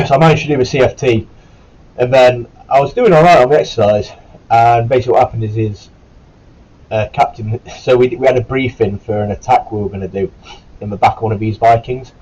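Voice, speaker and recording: Speaking at a fairly quick clip, a male former Marine recruit tells a loose, rambling story on camera, cursing and catching himself mid-sentence while his sore throat keeps bringing up coughs. His pitch is medium and his tone darkish, heard through dull audio.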